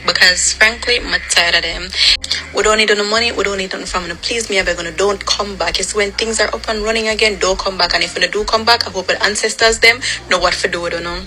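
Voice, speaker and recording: A woman's voice: mid-range voice, fairly even intonation, fast talker, bright, forceful tone, faint music behind, rough recording. A woman, speaking in a fed-up, firm way as a social media commenter.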